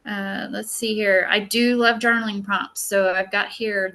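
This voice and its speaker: A woman healer teaching an online class in a chatty, animated way, full of filler words and personal stories. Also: mid-range voice, unhurried, hardly any pauses. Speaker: psychic healer and masterclass teacher. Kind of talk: casual spoken lesson with a personal story.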